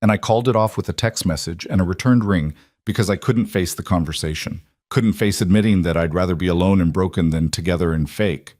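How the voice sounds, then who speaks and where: A guarded, driven woman CEO, read by a man in a fairly low voice, pours out her fears in an earnest, confessional way. The story sounds read aloud, recorded close and dry with no room sound. Her words come anxious and searching. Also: fairly quick, darkish tone, no room sound. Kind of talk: audiobook-style story reading.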